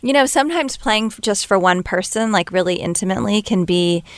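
A woman with a medium-pitched voice tells stories in a chatty, easygoing way and laughs easily. She brings other people's words to life in an animated voice. The sound is dry and close, with no room echo. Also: fairly quick. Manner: chatty, laughs often, quotes others in lively voice. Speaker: guest singer-songwriter. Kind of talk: casual interview storytelling.

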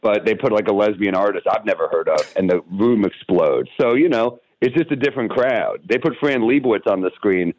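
Low-voiced man telling wry stories. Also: brisk, few pauses, lo-fi sound. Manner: wry, lively anecdotes with quoted asides. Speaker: comedian guest. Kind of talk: storytelling on a radio podcast. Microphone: studio microphone.

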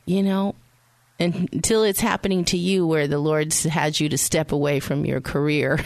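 A woman's voice: sits low, steady tone, normal speed, creaky, no room sound. A woman hosting a radio show, telling a personal faith story in a chatty way and speaking straight to her listeners. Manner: chatty, addresses listeners directly.

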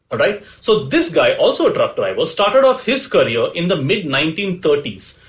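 Man, podcast host, scripted storytelling, playful asides, fairly high voice, very lively intonation. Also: low-quality recording. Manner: playful, chatty asides to the listener.

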